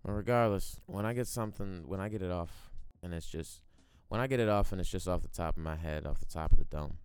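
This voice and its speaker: A young man in his twenties with a very low, gravelly voice that stays smooth and resonant underneath. He hosts a solo podcast, smoking as he rambles, swears freely and muses aloud with no script. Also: fast talker, no room sound. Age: 20s. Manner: rambling, profane, musing aloud; smoking while talking. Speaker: podcast host. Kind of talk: unscripted solo podcast monologue.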